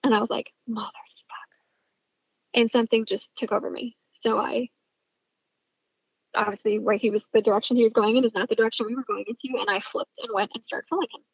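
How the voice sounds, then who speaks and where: A woman's voice: a little high, fairly even intonation, fast talker, gravelly, breathy edge, no room sound, lo-fi sound. A woman telling a personal story in casual speech, intense and swearing freely. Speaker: storyteller recounting a personal family event.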